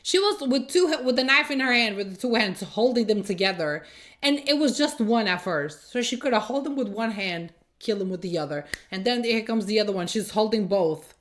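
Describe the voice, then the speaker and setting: A woman's voice: medium pitch, lively intonation, a little fast. Sarcastic woman reacting to a show. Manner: blunt, sarcastic, exasperated. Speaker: reaction video host. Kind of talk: casual reaction commentary.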